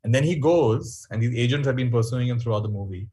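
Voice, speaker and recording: Husky male speaker leading a webinar, storytelling, animated and reflective. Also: mid-range voice, fast talker. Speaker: workshop speaker. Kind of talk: webinar talk.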